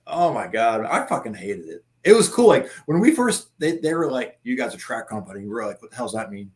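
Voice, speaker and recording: A man's voice: medium pitch, fairly quick. A man telling war stories in casual chat, laughing often and swearing freely. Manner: laughing, profane, animated anecdotes. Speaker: former Marine guest.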